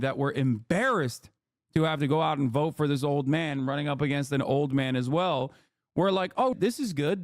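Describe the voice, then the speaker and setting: A man streaming from his living room, giving political commentary in an animated, exasperated rant with blunt slang. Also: a little high, no room sound, clean studio sound. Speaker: Twitch streamer.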